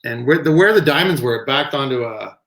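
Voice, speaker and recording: A man, a softball pitcher, telling stories in a casual interview, acting out other people's voices. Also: a little fast, creaky. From Canada. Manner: animated, acts out quoted voices.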